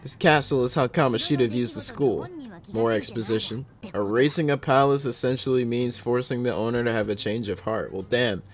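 A young man hosting a gaming channel, reacting excitedly with frequent laughter, slang and swearing. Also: mid-range voice, fairly quick. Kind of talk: casual game reaction commentary.

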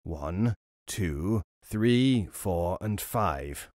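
Murderous robber, voiced by a male reader: hushed, low, slow and threatening. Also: lively intonation, dry recording, studio quality, full character voice. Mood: menacing.

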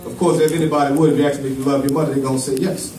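A man's voice: medium pitch, flat delivery, very fast, dark tone. A man preaching a sermon to a congregation, telling a story and drawing call-and-response. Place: church with congregation. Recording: echoey church from far off with congregation.

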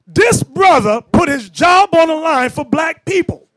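Man, high voice, very lively pitch, preaching sermon, shouts for emphasis. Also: unhurried. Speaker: bishop preaching. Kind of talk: animated sermon with storytelling.

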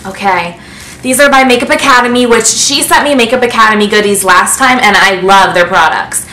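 An excitable woman chats to camera as she opens a box of gifts, her bright, slightly high voice spilling over with delight. She sounds bouncy in an echoey room. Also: brisk. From United States. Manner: gushing, excitable, breathless with delight. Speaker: beauty vlogger. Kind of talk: casual unboxing chat to camera.

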